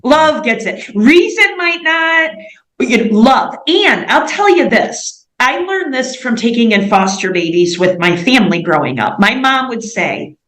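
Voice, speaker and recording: A woman on a missionary interview, telling her stories in a casual, animated way with many "like"s. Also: a little high, a little slow, echoey room, poor audio. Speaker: missionary guest.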